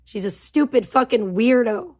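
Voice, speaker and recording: A woman's voice: on the high side, lively intonation, moderate pace, a little mellow. A woman hosting a livestream, ranting heatedly with constant swearing and insults. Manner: profane, heated, venting. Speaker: livestream host. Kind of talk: angry livestream rant.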